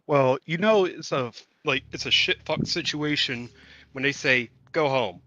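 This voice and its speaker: A man's voice: on the high side, unhurried, pushed and bright, no room sound, highs cut off. A man in casual chat, chiming in with blunt, crude jokes.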